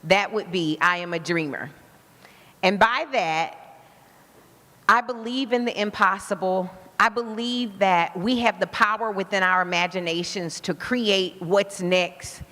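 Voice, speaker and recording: A woman's voice: mid-range voice, unhurried, bright, forceful tone. A woman with an Alabama accent giving a motivational talk to a live audience, engaging the crowd with questions. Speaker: guest speaker. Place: event venue with live audience. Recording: reverberant event hall.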